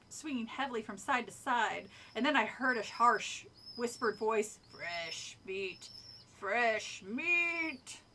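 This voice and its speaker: A woman streamer reading a spooky kids' book aloud, breaking off to chat and comment in an animated, casual way. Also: on the high side.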